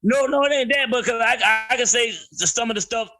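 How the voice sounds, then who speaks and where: A man's voice: very high voice, a little fast. A man as a podcast guest in casual chat, talking bluntly with plenty of profanity and acting out little stories. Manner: blunt, profane, animated storytelling.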